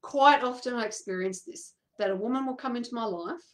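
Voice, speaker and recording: A woman, a coach telling a personal story to an audience in an animated way, acting out quoted voices and laughing often. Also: fairly high pitch, brisk.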